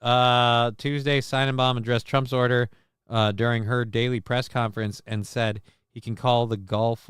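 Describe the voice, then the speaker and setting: A man's voice: fairly low pitch, clear, resonant tone, no room sound, clean studio sound. A man hosting a casual live stream, reading chat messages and news aloud and cracking crude jokes. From northern United States. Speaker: show host.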